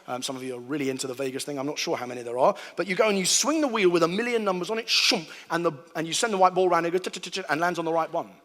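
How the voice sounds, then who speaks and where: A lively man preaching to a crowd in a large hall, his fairly high voice trailing off into long reverb. He tells his points as stories, acting out sounds and little voices with comic timing. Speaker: preacher giving a talk. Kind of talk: humorous sermon to a live audience. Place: large hall before an audience.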